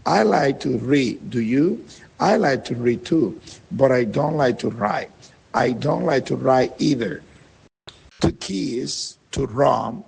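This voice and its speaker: A man teaching an English lesson, drilling words and short phrases in a slow, deliberate way with a husky voice. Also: medium pitch, animated, darkish tone, big-room sound.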